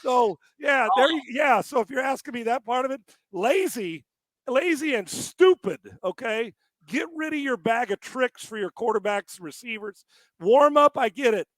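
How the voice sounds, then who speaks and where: A man co-hosting a sports talk podcast, ranting with lots of swearing, laughing often and breaking into shouts. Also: extremely high pitch, expressive, normal speed, no room sound. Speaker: podcast co-host.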